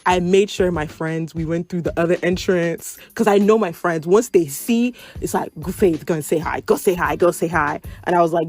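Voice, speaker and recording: A young woman hosting a podcast, telling personal stories in a casual, animated way and acting out quoted lines with sudden jumps in pitch. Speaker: podcast host. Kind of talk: casual storytelling.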